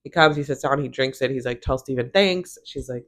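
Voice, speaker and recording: A woman in her thirties casually recapping a TV show, quoting characters in quick voices and laughing often. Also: deep voice. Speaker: recap vlogger.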